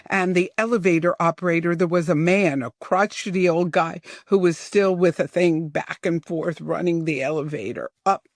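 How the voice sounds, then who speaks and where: A man in his seventies from the New York area, reminiscing in unhurried, detailed storytelling as a podcast guest. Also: sits high, dry recording, studio quality. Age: 70s. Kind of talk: storytelling in an interview.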